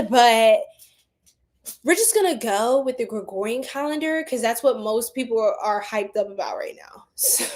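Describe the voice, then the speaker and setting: A bubbly young woman hosts a psychic livestream, greeting viewers by name. Her voice sits a little high, and she laughs often in loose, casual chat. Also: a little mellow.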